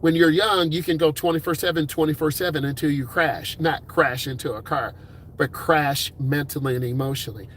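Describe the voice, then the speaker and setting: A man's voice: a little high, a bit bright, a little hiss or hum. Upbeat, encouraging male driving instructor. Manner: upbeat, encouraging, puts on quick voices for quoted people. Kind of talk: casual advice talk to camera.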